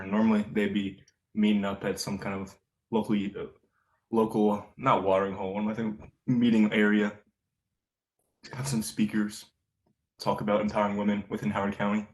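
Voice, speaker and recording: A young man chats casually on a video call, rambling a bit and groping for the right words as he goes. His voice sits on the lower side. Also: low-quality recording. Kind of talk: casual chat.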